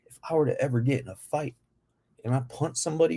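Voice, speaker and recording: A man hosting a reaction video, talking in a slow, playful, slangy way. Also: on the high side, warm tone, husky. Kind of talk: casual reaction commentary.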